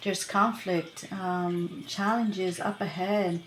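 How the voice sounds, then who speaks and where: A woman's voice: lowish voice, steady tone, slow pace, reverberant, slight background noise. A woman tarot reader talking casually to her viewers, rambling and chatty, with many fillers and laughs. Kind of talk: casual tarot reading to camera.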